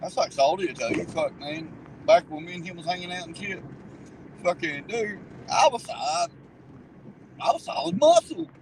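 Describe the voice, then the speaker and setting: A man's voice: high voice, very animated, moderate pace, noisy background. A man telling stories in a car, cursing freely and laughing at himself. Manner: profane, laughing storyteller. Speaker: guest riding along. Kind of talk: casual chat.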